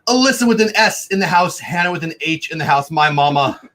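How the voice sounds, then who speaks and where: A man hosting a casual livestream, greeting viewers by name in quick, upbeat shout-outs. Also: fairly high pitch, expressive. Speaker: livestream host.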